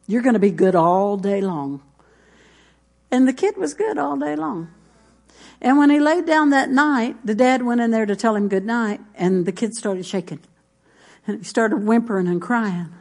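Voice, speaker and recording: A woman's voice: fairly high pitch, normal speed, gravelly. A middle-aged woman pastor, preaching a folksy sermon full of stories. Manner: folksy, storytelling, with congregation responses.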